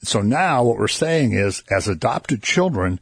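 A Christian radio host with a fairly low, gravelly, husky voice speaks at a measured pace with big pitch swings as he earnestly explains a Bible passage to his co-host and audience. His conversational teaching builds emphasis, recorded in studio quality with no room sound.

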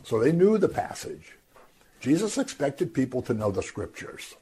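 A man teaching from the Bible in a lively, conversational way, acting out the crowd's voices. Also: mid-range voice, normal speed, slight background noise. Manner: animated, acts out voices of the crowd. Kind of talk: scripture teaching.

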